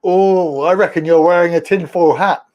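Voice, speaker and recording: A man co-hosts a casual live chat, teasing and laughing easily. His voice sits a little higher than most men's. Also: steady tone, moderate pace, darkish tone, muffled recording.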